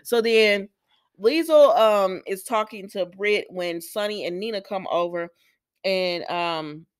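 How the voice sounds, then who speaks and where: A woman's voice: mid-range voice, slow, smooth, no room sound, clean studio sound. A woman recapping a soap opera in a chatty vlog, talking straight to her viewers. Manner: chatty, addresses viewers directly. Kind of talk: casual chat.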